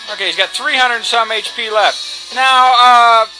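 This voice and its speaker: A man's voice: very high-pitched, low-quality recording. A man giving casual, cocky, joking commentary while playing a video game, swearing freely. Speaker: let's play commentator. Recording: game music behind.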